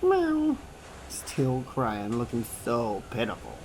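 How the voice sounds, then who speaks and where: A man voicing a signed personal story as an interpreter, animated and acting out the quotes and sounds. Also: medium pitch, unhurried, noisy background. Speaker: sign-to-voice interpreter.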